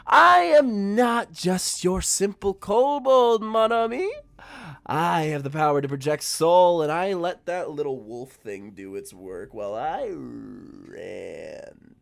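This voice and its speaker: A man's voice: a little high, expressive, slow, vocal fry, fairly bright tone, voice pushed up, full character voice. A man voicing a snide, gloating male kobold who steals bodies, sneering and taunting. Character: snide male kobold soul-thief, French-tinged.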